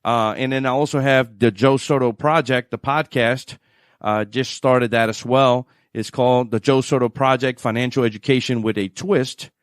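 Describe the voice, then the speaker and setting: A man with a New Orleans accent, a financial adviser guest on a radio show, telling stories in an animated way and laughing often. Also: mid-range voice, normal speed, no room sound, studio quality. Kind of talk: radio interview chat.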